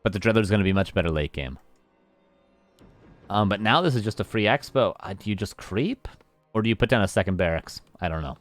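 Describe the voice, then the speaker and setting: A man's voice: on the low side, expressive, a little fast, faint music behind. A Canadian man casting a live strategy game match, chatty and self-mocking, thanking viewers by name between plays. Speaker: esports caster.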